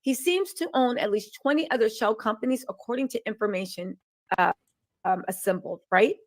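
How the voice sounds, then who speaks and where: A woman's voice: on the high side, normal speed. A woman co-hosting a live show, reading news items aloud and adding sarcastic, wry asides.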